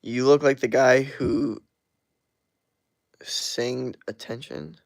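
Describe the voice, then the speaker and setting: A man's voice: medium pitch, steady tone, slow pace, gravelly, no room sound, clean studio sound. A man streaming live and reading out his chat, blunt and profane, laughing often. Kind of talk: casual livestream chat.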